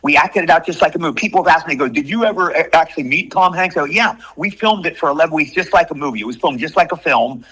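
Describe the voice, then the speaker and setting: A man in his sixties, an actor telling animated stories with lots of repetition in an interview. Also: fairly high pitch, rapid-fire, few pauses, rough recording. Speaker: guest actor. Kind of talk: storytelling in an interview.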